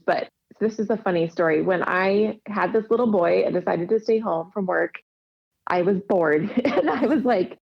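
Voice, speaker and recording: A quilter appearing as a podcast guest tells stories casually in an interview, laughing often and acting out quoted dialogue. Her voice is medium-pitched and gravelly, on dull lo-fi audio.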